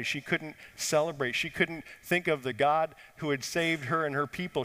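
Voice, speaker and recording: A man preaching a sermon from the pulpit, his voice sitting a little high for a man. He pushes some lines up with urgency and drops others to a low, hushed emphasis. The room adds a long, lingering reverb. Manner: dynamic preaching, rising and dropping to quiet emphasis. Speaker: pastor.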